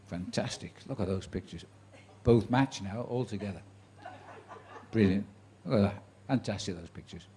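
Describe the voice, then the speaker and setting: Telling career stories to a live audience, the elderly commentator, in his seventies, sounds mellow and on the low side at a moderate pace, with a little hiss or hum behind him. He's a talkative raconteur who voices the people he quotes, all with dry humor.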